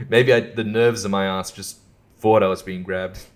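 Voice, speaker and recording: A man's voice: on the low side, steady tone, a little slow. Guy doing a solo podcast rant, sarcastic, swears a lot, keeps laughing to himself. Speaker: podcast host. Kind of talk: casual podcast monologue.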